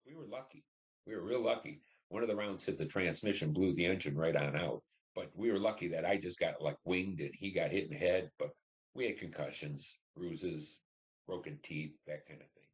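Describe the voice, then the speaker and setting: Older male veteran in his 70s, deep low voice, oral history interview, plain storyteller who acts out the dialogue. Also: normal speed. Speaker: Vietnam War veteran interviewee.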